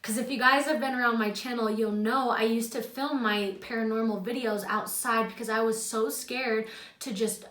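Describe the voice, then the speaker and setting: A woman's voice: on the high side, steady tone, moderate pace, fairly bright tone, roomy sound. A young woman telling a personal story in a casual vlog, chatty and full of "like", emotional at times. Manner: chatty, heavy use of "like". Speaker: YouTuber. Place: her home, indoors.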